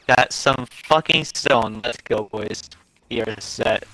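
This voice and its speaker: Man, gamer, bright voice, casual swearing chatter. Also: medium pitch, takes it slowly, poor audio. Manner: profane, laid-back banter. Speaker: streamer playing a co-op shooter. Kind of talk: casual gaming chat.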